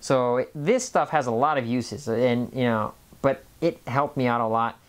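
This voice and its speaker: Casual vlogger of Mexican background, rambling monologue, mid-pitched voice, lots of restarts. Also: normal speed. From Mexican family background. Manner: rambling, many restarts and repeated words. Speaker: health vlogger.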